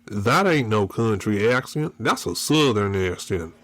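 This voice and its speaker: A man putting on a slow country drawl. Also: very animated, fairly bright tone, dry recording. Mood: playful. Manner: slow put-on Southern drawl, raised pitch.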